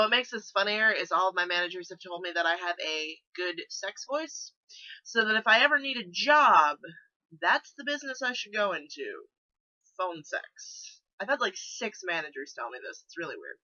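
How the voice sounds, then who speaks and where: A woman's voice: medium pitch, lively intonation, measured pace, bright, forceful tone. A young woman chatting casually to camera, rambling and swearing freely. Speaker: vlogger. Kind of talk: casual chat. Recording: dull lo-fi recording.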